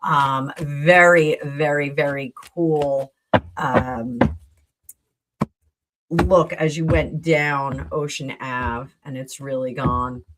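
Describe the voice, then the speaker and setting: Low-voiced chatty tarot-reading woman. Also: fairly even intonation, extremely slow, noisy background. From New Jersey, USA. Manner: rambling, chatty, with many fillers and asides to viewers. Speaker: tarot reader and livestream host. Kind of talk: casual live tarot reading chat.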